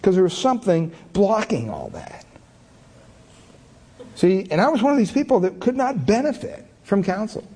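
Middle-aged pastor guy, high voice that swings all over, telling stories on himself in a sermon, super chatty. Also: very animated, moderate pace, mellow, breathy edge. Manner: candid, self-deprecating, laughs at himself; chatty, many fillers like "you know".

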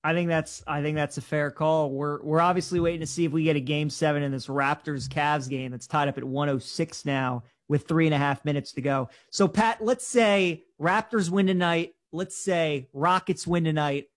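A man with a slightly high voice co-hosts a live sports talk show. He gives animated, opinionated picks. The recording is close and dry, with no room sound. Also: no echo.

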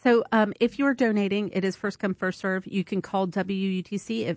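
A woman's voice: medium pitch, fairly even intonation, normal speed, no echo, clean studio sound. A woman hosting an on-air fundraiser at a community radio station, chatty and upbeat. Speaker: public radio host. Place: radio studio. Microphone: studio microphone.

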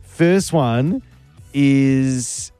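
An Australian man co-hosting a radio show, relaxed and teasing in casual banter. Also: medium pitch, drawn-out words, clear, resonant tone, dry recording, faint music behind. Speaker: radio co-host. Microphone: studio microphone.

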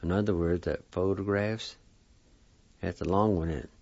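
Deep slow guy teaching how to say words, breaks em into syllables, dull lo-fi recording. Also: fairly even intonation, a little mellow, no echo. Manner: spells and sounds out words slowly, syllable by syllable. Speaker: language teacher. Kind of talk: pronunciation lesson.

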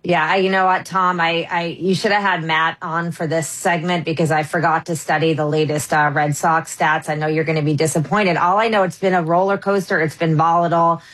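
Low-voiced female investment strategist. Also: fairly even intonation, fairly bright tone, low-quality recording. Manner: measured, polite, lightly self-deprecating. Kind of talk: radio interview.

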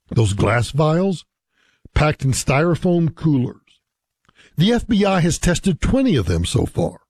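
Animated talk radio host, man. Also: on the high side, slightly rough, no echo. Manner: conversational, emphatic, repeats key phrases.

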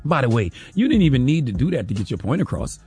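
A man's voice: medium pitch, very animated, fast, darkish tone, soft background music. A man giving an emphatic, sarcastic opinion commentary as a host, often tagging lines with "okay?".

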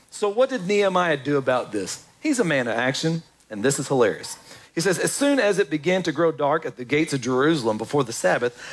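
A male pastor preaching a sermon, acting out quotes and questions with lots of energy. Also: a little high. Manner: animated, acts out quotes in voices.

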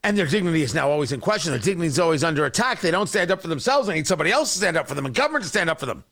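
A man's voice: fairly high pitch, very animated, rapid-fire, a bit bright. A man hosting a talk radio show, delivering a combative, mocking political monologue.

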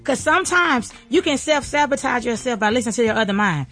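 A woman giving an emotional, preachy motivational talk, teary and repeating herself as she builds to shouts. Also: a little high, expressive, quick pace, faint music behind. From Atlanta area. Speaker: restaurant owner.

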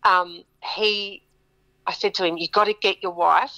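A woman, a singer-songwriter guest telling a story in a lively, laughing way. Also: medium pitch, measured pace, low-quality recording. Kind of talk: storytelling interview.

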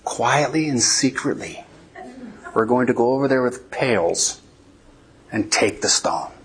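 A middle-aged man preaching as a pastor, telling a funny story with lively energy before reading and explaining Scripture. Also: medium pitch, a little slow. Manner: animated storyteller, laughs while telling. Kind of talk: sermon with storytelling.

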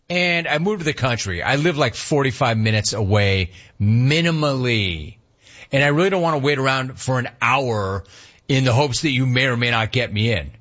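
Radio host, male, husky, spins a frustrated story with acted-out quotes; slightly muffled audio. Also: medium pitch, moderate pace. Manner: animated, exasperated retelling with quoted voices. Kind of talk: casual storytelling on air.

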